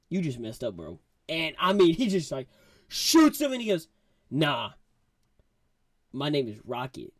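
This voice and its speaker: A young man reviews a movie casually, using slang and excitedly acting out quotes from scenes. His voice sits on the high side, with no echo.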